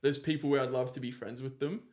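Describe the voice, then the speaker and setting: A man hosting a podcast, talking reflectively and often pausing to search for words. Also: medium pitch, steady tone, a little mellow. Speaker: podcast host. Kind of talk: casual conversation.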